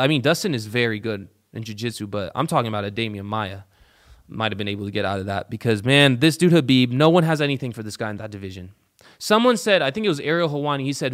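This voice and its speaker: A male show host gives casual sports commentary in his own voice. He is animated and profane, jumping from loud outbursts to quiet, muttered asides. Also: medium pitch.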